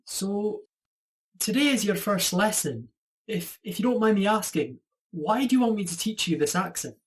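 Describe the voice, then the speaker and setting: A man's voice: sits high, lively intonation, normal speed. A man playing a quirky friendly Scottish tutor. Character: quirky friendly Scotsman teaching accent. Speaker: student actor. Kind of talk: online student theatre. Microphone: video call.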